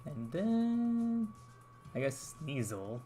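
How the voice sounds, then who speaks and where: A man's voice: fairly high pitch, very slow, soft background music. A man hosting a game stream in a casual, joking chat with viewers. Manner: lively, joking, talks to chat.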